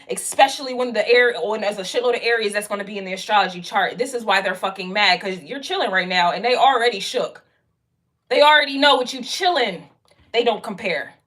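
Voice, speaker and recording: Speaking straight to the viewer, a tarot card reader delivers a casual reading in blunt, slangy, profane terms, repeating her point again and again. Her voice is high-pitched and bright, with a forceful tone.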